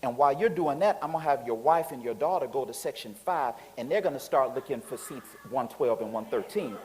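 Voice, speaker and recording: A man voicing a calm, patient male stadium usher who explains things step by step. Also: fairly high pitch, moderate pace, big-room sound, slight background noise.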